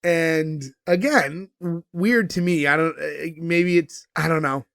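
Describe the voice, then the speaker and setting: A man with a slightly higher voice recaps a sitcom scene for a podcast, hesitating often and acting out the characters' lines. The recording is dry and close, with no room sound. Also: slow pace, vocal fry, fairly bright tone, no echo. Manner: retells scenes with quoted lines, many fillers. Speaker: podcast co-host recapping an episode. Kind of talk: casual chat.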